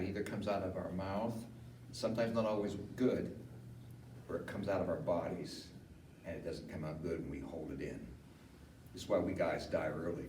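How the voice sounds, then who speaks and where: Low-voiced pastor in an echoey hall. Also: male voice. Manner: conversational, rises to animated emphasis. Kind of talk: funeral sermon. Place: funeral home chapel. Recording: echoey room from far off, faint hiss.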